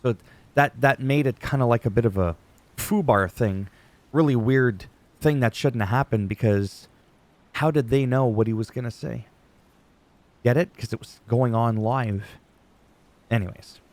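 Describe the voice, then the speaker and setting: A man's voice: mid-range voice, a little slow, pauses often, a little mellow, no echo. A man recapping a wrestling show in casual commentary, rambling off on tangents and swearing casually.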